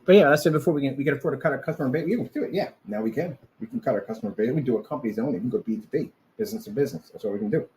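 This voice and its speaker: Man vlogger, lively swooping pitch, boastful and repetitive rant. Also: very fast, few pauses, rough recording. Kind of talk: rambling monologue.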